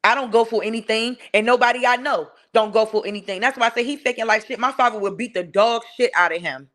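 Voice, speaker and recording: A fiery woman with a D.C. tears into someone on her live stream. Her voice sits a bit high and flies higher when she yells. The talk is profane and cutting, with sudden shouts. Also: quick pace. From Washington, D.C. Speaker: channel host ranting on a live stream. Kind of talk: heated live-stream rant.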